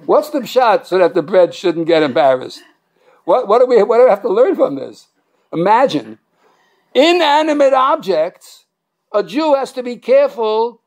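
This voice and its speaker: High, gravelly-voiced joking rabbi. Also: male voice. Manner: joking, animated, many restarts and fillers. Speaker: rabbi teaching a class. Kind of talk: Torah class lecture with humor.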